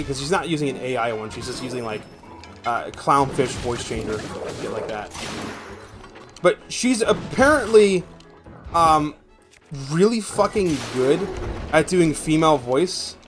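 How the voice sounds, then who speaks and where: A young man with a gravelly voice, streaming a game from home and chatting in a rambling, profane way. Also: on the high side. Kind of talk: casual gameplay chat.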